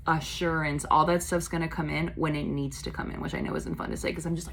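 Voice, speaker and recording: A woman doing a casual tarot reading, chatty and blunt, swearing casually and acting out quick voices in her asides. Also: sits low, level tone, creaky, slight background noise, low-quality recording. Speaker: tarot reader.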